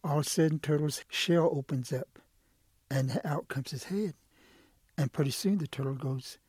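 A man telling a folk tale as a storyteller, relaxed and lively with fillers. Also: fairly high pitch, moderate pace, husky, no echo, clean studio sound.

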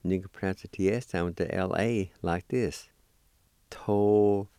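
A man teaching a language lesson, spelling words letter by letter and repeating each pronunciation slowly. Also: sits low, a little mellow, no room sound, clean studio sound.

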